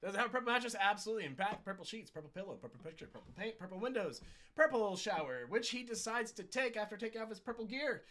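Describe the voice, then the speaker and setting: A man on a stream telling a long, rambling joke in an animated, playful way, correcting himself as he goes. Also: high-pitched. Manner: animated, repetitive, playful, with quick self-corrections. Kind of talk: rambling shaggy-dog joke storytelling.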